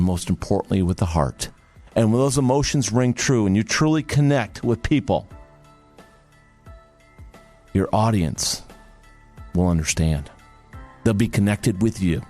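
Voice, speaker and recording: A man with a very low voice tells a personal story in a podcast setting. He builds to earnest, motivational urging. The recording is dry and close. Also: a little mellow, no echo. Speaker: podcast host and communication trainer. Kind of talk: storytelling talk.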